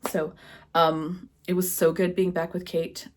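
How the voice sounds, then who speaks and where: Animated woman ranting about a book. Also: on the low side, a little slow, a little hiss or hum. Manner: animated ranting with swearing and exasperated repetition. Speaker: book reviewer. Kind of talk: casual book review vlog.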